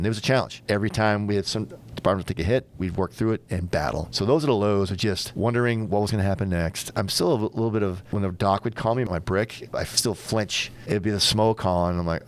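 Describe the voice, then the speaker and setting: An older man with a very low voice tells stories from his years as a ship captain. He talks quickly and candidly, acting out bits of dialogue as he goes. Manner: candid, storytelling with quoted dialogue. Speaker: former aircraft carrier captain, guest. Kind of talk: storytelling interview.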